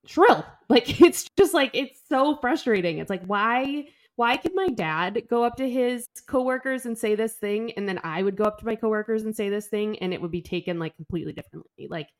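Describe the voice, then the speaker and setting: A young woman co-hosting a podcast, telling a story in an animated, casual way, full of "like" and the odd swear. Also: fairly high pitch, brisk, few pauses. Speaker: podcast co-host. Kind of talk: casual chat.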